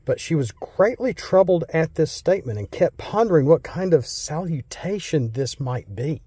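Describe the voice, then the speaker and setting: A man from the United States reads scripture and talks it through like a relaxed Bible teacher. His voice is husky and mellow, a little higher than most men's, recorded close in a dry room with no echo. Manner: reads verses slowly and solemnly, then chats casually with fillers. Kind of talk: reading scripture and explaining it.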